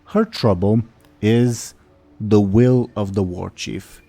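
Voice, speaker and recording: A man's voice: on the low side, slow, gravelly, dark tone, soft background music. A man narrating as game master of a tabletop role-playing game, explaining rules and describing scenes. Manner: explains rules and voices orcs in quoted lines.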